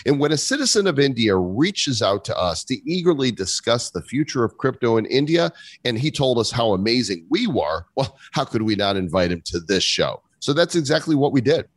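Man, podcast host, lowish voice, bouncy animated delivery, dry close sound, jokey. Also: no room sound. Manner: lively, jokey, laughs often. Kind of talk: scripted podcast intro and casual chat.

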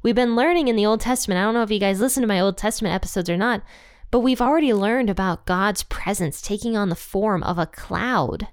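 A woman's voice: mid-range voice, fast, clear, resonant tone, no echo, clean studio sound. A young adult woman hosting a casual Bible teaching podcast, chatty and thinking aloud with fillers and guesses.

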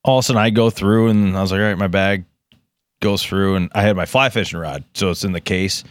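A man's voice: low-pitched, steady tone, fast, no echo, clean studio sound. A man co-hosting a podcast in casual banter, blunt and teasing, swearing freely. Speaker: podcast co-host.

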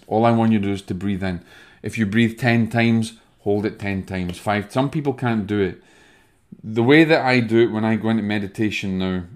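A man with a Scottish accent hosting a spiritual podcast, calmly guiding listeners through a breathing exercise. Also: on the low side. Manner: soft, soothing, guiding breathing. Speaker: podcast host, medium. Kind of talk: spiritual self-help talk.

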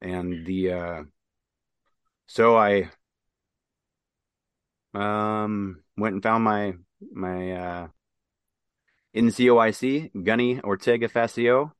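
Dry-voiced man telling a halting story. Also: on the low side, clear, resonant tone, no echo. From Nebraska. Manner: halting, many fillers and restarts. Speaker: interview guest, military veteran. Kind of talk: casual spoken storytelling.

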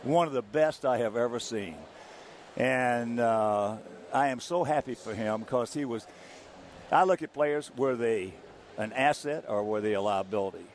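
An older man, a former ballplayer, telling stories as an interview guest in an animated, chuckling way. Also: mid-range voice, unhurried. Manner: animated storyteller, chuckling through anecdotes. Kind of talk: anecdotal interview storytelling.

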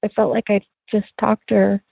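A middle-aged woman with a husky, gravelly voice tells a personal story softly and haltingly, with many pauses and fillers. Her pitch stays flat and even. The sound is thin and tinny, like a phone line, and dry. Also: no echo. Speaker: interview guest.

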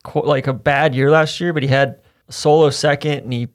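A man's voice: a little high, steady tone, brisk. A man on a podcast, chatting casually and rattling off stats and details. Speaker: podcast co-host. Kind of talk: casual chat.

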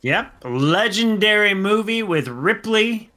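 A man co-hosting a radio show, chiming in with quick jokes and riffs in casual banter. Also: sits high, expressive, pushed and bright. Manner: jokey, riffs and does quick bits. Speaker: radio co-host.

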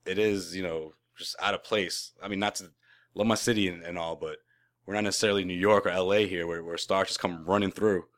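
A man co-hosting a sports podcast, talking in a quick, teasing way and laughing often. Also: low voice, steady tone, fairly bright tone. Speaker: podcast co-host. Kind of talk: casual sports podcast chat.

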